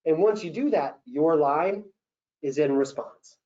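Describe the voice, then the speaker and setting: A man running an acting Q&A as a casting director, coaching actors in an animated way and acting out example lines. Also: on the high side, measured pace. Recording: dull lo-fi session recording.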